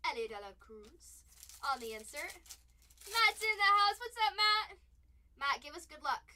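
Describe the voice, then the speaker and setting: A woman's voice: high-pitched, sing-song, measured pace, pushed and bright, far from the mic. A young woman hosting a live-streamed trading card break, chatty and playful, laughing often and hyping each pull.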